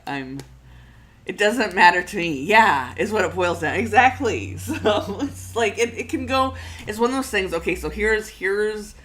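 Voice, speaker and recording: A woman's voice: on the low side, fairly bright tone, slight background noise. A middle-aged Canadian woman with a Canadian accent, hosting a planning livestream in a casual, rambling chat full of fillers and restarts.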